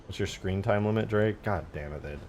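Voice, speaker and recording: A man's voice: fairly low pitch, fairly quick, a little mellow, slight background noise. A man in his twenties chatting casually on a live stream, rambling and swearing through slangy stories. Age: 20s. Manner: rambling, profane storytelling with slang.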